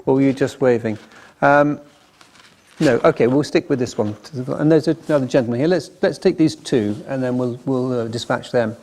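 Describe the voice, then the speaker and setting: A man's voice: medium pitch, moderate pace, darkish tone. A man moderating a live panel discussion, polite and jokey. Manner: jokey, polite, self-deprecating.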